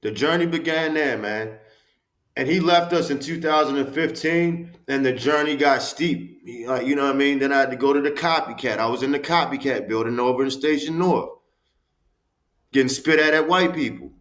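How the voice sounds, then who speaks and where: A man, telling his story as a podcast guest in an animated, emphatic, street-talking way. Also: medium pitch, normal speed, roomy sound. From Baltimore, USA. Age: 40s. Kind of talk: candid storytelling interview.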